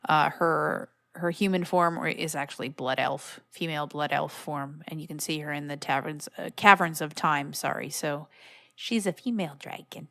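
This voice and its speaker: A woman's voice: sits low, normal speed, vocal fry, pushed and bright, no room sound. A woman co-hosting a podcast, reading out card details and explaining background lore in casual chat. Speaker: podcast co-host.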